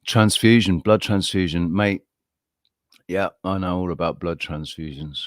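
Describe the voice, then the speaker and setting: A man's voice: sits low, unhurried, no room sound, studio quality. A man hosting a casual live stream, chatting in a rambling, friendly way and greeting viewers by name. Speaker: livestream host.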